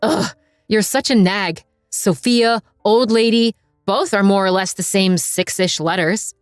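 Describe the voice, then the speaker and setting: A woman voicing a short-tempered, hard-drinking man who is gruff and scornful, then apologetic. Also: mid-range voice, unhurried, dry recording, studio quality, soft background music, close to an everyday voice.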